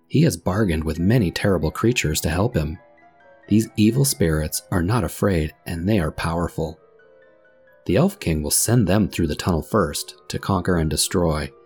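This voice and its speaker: A man voicing a solemn, sad male tin man in a storybook reading, speaking gravely. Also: sits low, darkish tone. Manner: grave, somber delivery.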